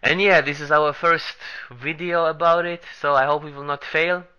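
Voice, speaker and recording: A man with English as a second language, co-hosting a casual gaming podcast in an animated, jokey way with small grammar slips. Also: a little high, moderate pace, clean tone, muffled recording. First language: not English. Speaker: podcast co-host.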